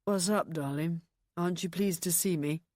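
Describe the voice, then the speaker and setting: A woman doing a loud slurring drunk man. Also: fairly low pitch, moderate pace, no echo, clean studio sound, close to an everyday voice. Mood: drunk, boisterous. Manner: slurred, boisterous. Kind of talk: audiobook narration.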